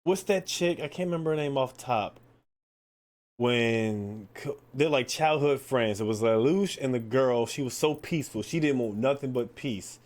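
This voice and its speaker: A man hosting his own podcast, chatting casually in a loose, excitable way, swearing freely and filling his talk with "like" and "man". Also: medium pitch, normal speed. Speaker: podcast host. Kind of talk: casual solo podcast chat.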